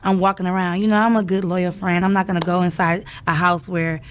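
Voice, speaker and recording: A woman's voice: on the low side, little pitch movement, a little fast, slight background noise. A young woman telling a story in a casual interview, chatting and acting out what people said. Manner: chatty, acts out quoted voices.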